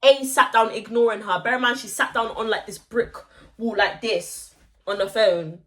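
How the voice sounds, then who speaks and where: A young woman, telling a story-time vlog in an animated, slangy way and acting out the voices of the people in it. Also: on the high side, normal speed. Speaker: vlogger.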